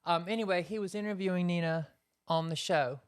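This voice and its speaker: A woman's voice: lowish voice, a little fast, clean tone. A woman ventriloquist in a casual interview, telling her story in a rambling way with lots of fillers.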